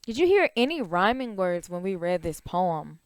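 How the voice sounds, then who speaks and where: A woman's voice: fairly low pitch, very animated, normal speed, clean tone, no echo, clean studio sound. A woman teaching a children's phonics lesson, stretching out vowel sounds and asking the class questions.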